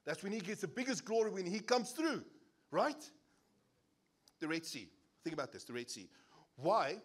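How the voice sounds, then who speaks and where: A man's voice: high voice, normal speed. A male pastor with a South African English accent preaching a sermon, telling stories with acted-out voices. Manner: animated storyteller acting out voices. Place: church service.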